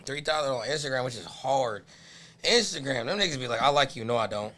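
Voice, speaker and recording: A man's voice: medium pitch, animated, a little fast, sharp tone. A man, a comedian, chatting as a podcast guest in loose slangy banter. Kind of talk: casual chat.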